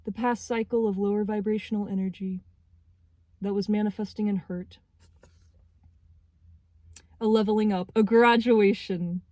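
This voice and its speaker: A young woman in her twenties giving a spiritual tarot reading, speaking earnestly and haltingly as she searches for words. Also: mid-range voice, fairly even intonation, dark tone, dry recording. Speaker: tarot reader.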